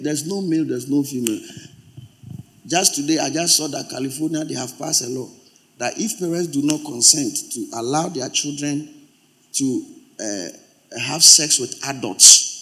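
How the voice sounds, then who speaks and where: A male pastor preaching a sermon, emphatic and repeating his exhortations. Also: a little high.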